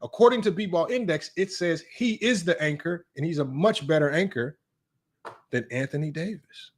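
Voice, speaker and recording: Combative high-voiced sports debate host. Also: male voice, expressive, moderate pace, a little hiss or hum. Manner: combative, mocking, reads data aloud then taunts critics. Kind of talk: reading stats and ranting to viewers.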